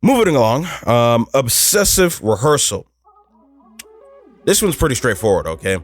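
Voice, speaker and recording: A man's voice: medium pitch, very animated, moderate pace, faint music behind. A man hosting a motivational podcast, talking casually and emphatically with lots of fillers, pushing his voice up to stress points. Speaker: podcast host.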